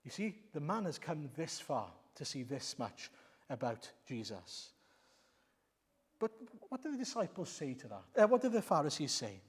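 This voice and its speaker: A man's voice: a little high, very animated, moderate pace, husky. A man preaching a sermon in a church, emphatic and repetitive, using rhetorical questions. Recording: long reverb of a church hall.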